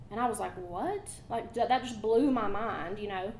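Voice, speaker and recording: A woman with an Appalachian accent, a folk ballad singer singing and chatting with a live audience in a chatty, storytelling way. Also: a little high. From Appalachian North Carolina. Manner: chatty, friendly storyteller with quick asides. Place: museum concert hall. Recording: echoey hall with faint room noise.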